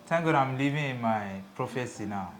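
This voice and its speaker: A man's voice: mid-range voice, moderate pace, slight background noise. A Nigerian man co-hosting a casual cooking vlog, joking and playful in his talk. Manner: playful, jokey, animated. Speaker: vlog co-host.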